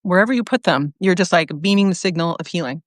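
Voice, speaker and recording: A woman's voice: on the low side, expressive, fast, dry recording, clean studio sound. A woman hosting a casual livestream from her phone outdoors in a neighborhood, chatting and laughing often as she greets viewers. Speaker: livestream host.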